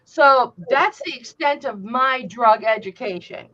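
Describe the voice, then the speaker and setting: A woman's voice: a little high, a little slow. A woman hosting a casual chat, telling stories with lots of swearing and acting out what people said. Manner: animated storyteller, swears freely, acts out quotes. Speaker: host. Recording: dull lo-fi sound.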